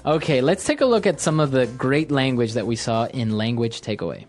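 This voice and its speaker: Male podcast teacher, casual and clear, light music bed. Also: mid-range voice, brisk. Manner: relaxed, repeats phrases for learners. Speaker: podcast host, English teacher.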